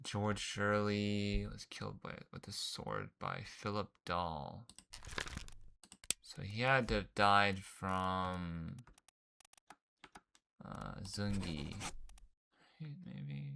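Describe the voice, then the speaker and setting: A man's voice: lowish voice, expressive, drawn-out words, vocal fry, long pauses, pushed and bright, a little hiss or hum. A man casually commenting while he plays a puzzle game, thinking aloud and muttering guesses in slangy talk. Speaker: gaming channel host. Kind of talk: casual let's-play commentary.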